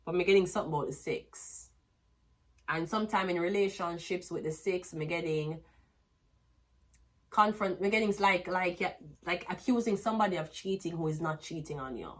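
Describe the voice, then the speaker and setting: A woman's voice: fairly low pitch, moderate pace. A woman giving a rambling, blunt tarot reading, crude and casual. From Jamaica. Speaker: tarot reader.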